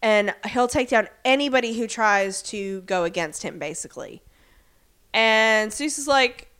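Retelling an episode's scenes on a laid-back podcast, this co-host slips into quick impressions of the characters' lines, filling gaps with plenty of "um" and "like." She speaks with a fairly high, fairly bright, smooth voice and lively intonation.

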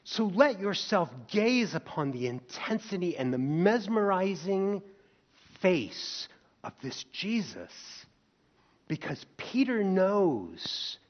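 Animated male preacher, lo-fi sound. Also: high-pitched, slow. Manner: expressive storytelling, rhetorical questions to the congregation. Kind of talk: sermon. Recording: dull lo-fi recording.

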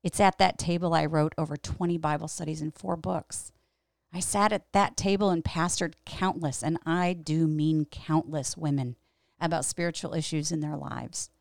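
A woman's voice: sits low, fairly even intonation, normal speed, creaky, no echo, clean studio sound. A middle-aged woman, a host and pastor, telling a personal story in a reflective, candid way with emphatic repetition.

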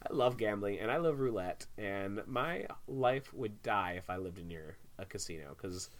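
Low-voiced, lively, sarcastic woman. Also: normal speed. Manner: sarcastic, profane, teasing. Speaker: podcast co-host. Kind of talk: casual chat.

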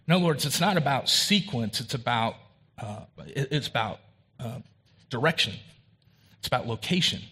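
Guy preaching a sermon, kinda husky, chatty, pitch jumps up on the quotes. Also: lively intonation, moderate pace, pauses often, sharp tone. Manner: conversational preaching with quoted dialogue and rising emphasis. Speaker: pastor.

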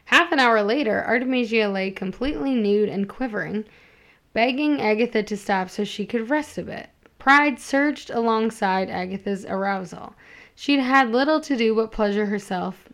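A woman's voice: a little high, normal speed, a bit bright. Woman reading a romance story aloud. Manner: amused, reads with small slips and restarts. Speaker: story reader and co-host.

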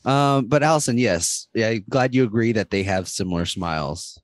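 A man's voice: fairly low pitch, normal speed. A man chatting casually on a podcast, teasing the others and laughing often. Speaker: podcast co-host. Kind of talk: casual chat.

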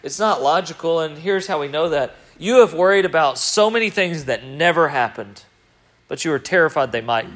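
A man preaching a sermon in an animated way, swinging between loud emphasis and quiet, reflective stretches. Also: on the high side, moderate pace.

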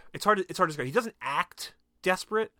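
A man's voice: sits high, lively intonation, fairly quick, bright, forceful tone, dry recording, clean studio sound. A man hosting a podcast, casually retelling a film's scenes and acting out the characters' lines, with frequent swearing. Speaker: podcast host. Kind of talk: casual film recap chat.

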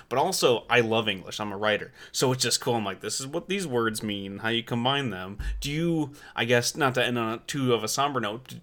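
A man's voice: medium pitch, sharp tone. A man in his thirties hosting a podcast, chatting casually about his kids and joking with his wife. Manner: joking, laughs often. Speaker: podcast host. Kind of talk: casual chat.

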